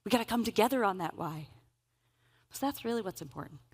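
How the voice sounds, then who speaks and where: A woman giving a conference keynote, telling stories in an animated, humorous way. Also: medium pitch, fast talker, breathy edge. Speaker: keynote speaker. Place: event stage.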